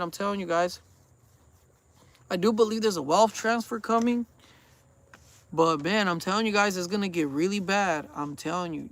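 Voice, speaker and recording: A man in his forties, a vlogger, chats earnestly in a casual, rambling way, getting preachy and often repeating himself. His voice sits high and is a bit bright.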